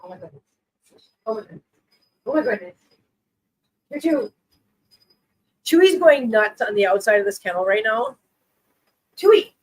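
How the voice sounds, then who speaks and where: A woman's voice: mid-range voice, animated, normal speed, pauses often, rough recording. A woman hosting a casual live stream who chats with viewers, laughs often and coos baby talk at her cats.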